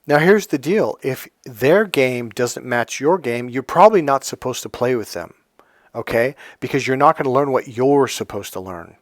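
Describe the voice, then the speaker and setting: A man talking as a life coach in a casual motivational monologue, telling personal stories and acting out quoted exchanges with sudden high-pitched bursts. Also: expressive, normal speed, dry recording, studio quality.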